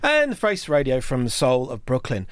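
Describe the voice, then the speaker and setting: A man's voice: medium pitch, wildly swooping pitch, normal speed, a bit bright, dry recording. A man hosting a radio music show, talking in an easygoing, hedging way about records and their labels. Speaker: radio host. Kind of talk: casual on-air banter about records.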